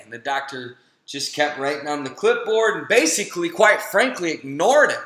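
A man's voice: medium pitch, normal speed, bright, forceful tone. A man in his thirties giving a motivational webinar talk, telling a personal story and acting out the voices he quotes. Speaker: webinar speaker. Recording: echoey room.

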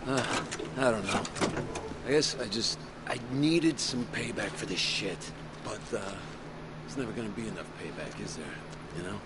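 An actor playing a rough, profane, middle-aged male biker in a video game. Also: fairly low pitch, normal speed, lightly acted. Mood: bitter. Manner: rough, profane, hot-tempered. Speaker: game character Boozer. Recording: game audio under loud noise.

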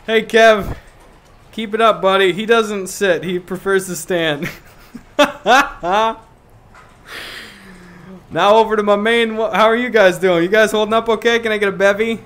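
A man's voice: sits high, slow pace, pauses often, fairly bright tone. A man streaming a VR game, chatting casually in a goofy, joking way and laughing often. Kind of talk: casual chat while playing a VR game.

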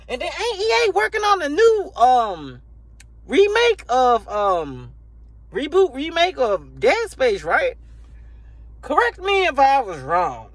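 A man's voice: extremely high pitch, sing-song, a little slow, no room sound. A man ranting casually and profanely to camera about video games, laughing often, recorded on a phone. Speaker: gaming YouTuber.

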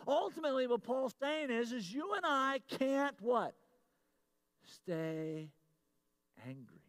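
High-voiced pastor preaching with swings. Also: male voice, expressive, normal speed. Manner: swings from loud emphatic lines to low confiding asides, repeats key phrases. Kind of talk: sermon.

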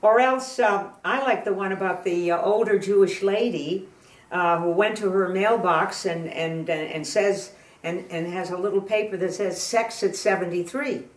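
An older woman telling jokes in a chatty, halting way, laughing at her own punchlines. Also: medium pitch. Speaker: guest storyteller. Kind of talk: telling jokes in casual chat. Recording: roomy sound from a distant mic.

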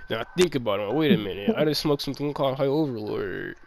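A man's voice: medium pitch, quick pace, gravelly, a crowd in the background. A man telling a rambling, profane story in a casual chat, full of laughs.

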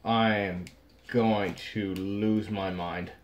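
A young man casually talking through opening trading card packs on a vlog, frustrated, swinging between low muttering and sudden outbursts. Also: fairly even intonation, extremely slow, lo-fi sound, slight background noise. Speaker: card pack opener.

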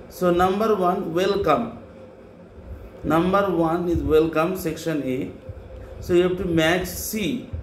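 Slow man spelling words aloud. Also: fairly high pitch. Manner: repeats each word and spells it out patiently. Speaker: French teacher. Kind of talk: slow classroom dictation, spelling words letter by letter. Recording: echoey classroom with faint hum.

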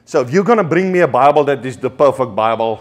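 A man's voice: medium pitch, expressive, fast, faint music behind. A man with a South African accent preaching a sermon passionately, with frequent stammered restarts.

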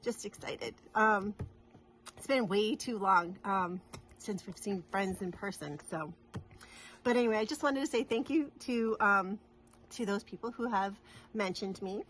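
A woman's voice: mid-range voice, unhurried, a bit bright, a little hiss or hum. A middle-aged woman from New England, chatting casually to camera in a rambling, giggly way with many restarts. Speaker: cross-stitch vlogger.

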